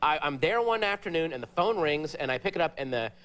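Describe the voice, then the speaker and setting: A man, a comedian guest on a late-night talk show, telling stories in an animated way and jumping into high, excited voices for the people he quotes. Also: fast talker, clear, resonant tone. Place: TV studio before a live audience.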